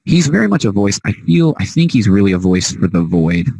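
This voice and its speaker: A man's voice: on the low side, very animated, a little fast, creaky, dark tone, breathy edge, poor audio. A man hosting a solo podcast monologue, heated and emphatic, cursing freely. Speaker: podcast host.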